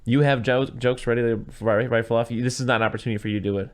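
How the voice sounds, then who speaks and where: A man hosting a casual movie podcast, chatting loosely and telling jokes in a dry, deadpan way. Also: mid-range voice, rapid-fire. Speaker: podcast host. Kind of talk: casual chat.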